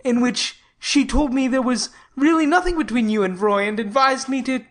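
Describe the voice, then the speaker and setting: A woman's voice: high voice, normal speed, voice pushed up, natural voice. A woman voicing an earnest young man in love, a student doctor, speaking tenderly in an audiobook. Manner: tender, heartfelt confiding. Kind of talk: audiobook character reading.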